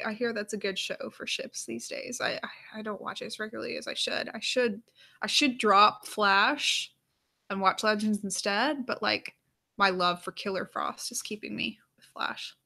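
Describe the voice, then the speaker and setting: A woman hosting a live aftershow, chatting casually and reading viewer comments aloud, with lots of "like" fillers and quiet murmured asides. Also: on the high side, moderate pace, vocal fry. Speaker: aftershow host.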